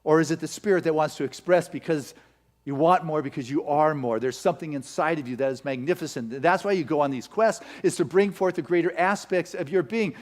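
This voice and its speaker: A male minister preaching a sermon, retelling a legend as a story and firing off rapid rhetorical questions. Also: fairly high pitch, a little mellow.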